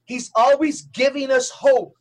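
A middle-aged man, a Catholic evangelist, speaking as a podcast guest in an emphatic, preacher-like way with rapid lists and repetitions. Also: extremely high pitch, steady tone.

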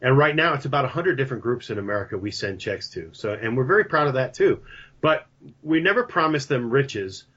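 A chatty man talks easily as a podcast guest, mid-pitched and casual, with a pitchman's bounce. His voice comes through a dull, slightly lo-fi recording. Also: lively intonation, a little fast, fairly bright tone, husky. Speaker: podcast guest, coffee company founder. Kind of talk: casual interview talk. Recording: dull lo-fi sound.

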